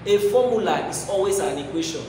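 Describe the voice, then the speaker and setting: A man's voice: high voice, expressive, fairly quick, noisy background. A man teaching a maths lesson, asking rhetorical questions and repeating key phrases. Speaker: mathematics teacher. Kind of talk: classroom lesson. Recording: echoey hall, voice from far off.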